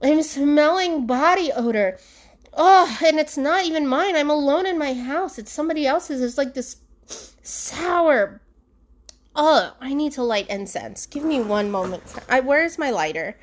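A young woman talks alone at home into her podcast mic, frank and confessional. She rambles and circles back, dropping fillers, and her voice sits a little high. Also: animated, measured pace. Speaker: podcast host. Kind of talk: candid solo podcast monologue.

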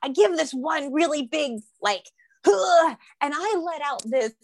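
A young woman telling a story in a casual chat, lively and jokey, acting out the voices she quotes. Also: sits high, normal speed, no room sound. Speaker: guest telling her birth story.

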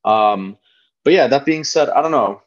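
A man's voice: mid-range voice, expressive, normal speed. A man as a podcast guest, giving rambling, hedging opinions in casual chat. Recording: dull lo-fi podcast audio.

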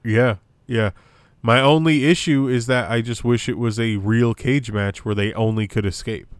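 With a steady tone and moderate pace, this young man's smooth mid-range voice carries a casual wrestling review chat he co-hosts. He rambles, using lots of fillers and restarts, and there is no echo.

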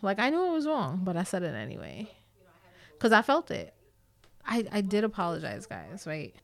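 A woman's voice: medium pitch, wildly swooping pitch, moderate pace, vocal fry. Blunt, profane New York woman. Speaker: vlogger. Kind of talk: candid storytime talk to viewers.

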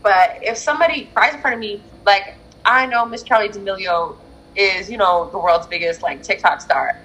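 A woman on a podcast mic in casual chat, telling stories in an animated, venting way. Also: medium pitch, normal speed, slight background noise, poor audio.

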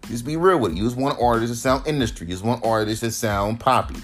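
A man's voice: mid-range voice, fast, a bit bright, soft background music. A man who raps hosts his own podcast, ranting in a heated, profane, emphatic way. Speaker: rapper and podcast host. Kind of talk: solo podcast rant.

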